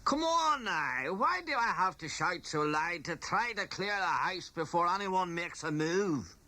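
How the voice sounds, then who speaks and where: A man voicing a middle-aged Belfast pub owner in a Belfast accent, shouting out closing time to get people to leave. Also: high-pitched, animated, measured pace, full character voice. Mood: bellowing impatient. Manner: shouting, raised and insistent.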